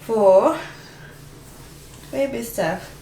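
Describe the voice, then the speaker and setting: A woman's voice: on the high side, lively intonation, drawn-out words, gravelly, a crowd in the background. A pregnant woman chatting on her home vlog, tired and earnest, rambling through her thoughts. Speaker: vlogger sharing her pregnancy journey. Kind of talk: casual vlog chat. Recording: roomy echo, a bit off-mic.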